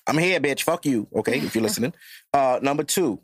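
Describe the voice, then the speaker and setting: A man's voice: medium pitch, lively intonation, fast, dry recording. A man in his thirties hosting a podcast, talking bluntly and profanely in casual chat. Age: 30s. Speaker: podcast host.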